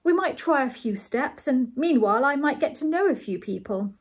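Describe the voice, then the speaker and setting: A woman voicing a bashful, proud young gentleman host in a storybook reading, with a raised, eager, slightly pompous delivery. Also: very high voice, lively intonation, normal speed, husky, pitched above the performer's own voice, heavily acted.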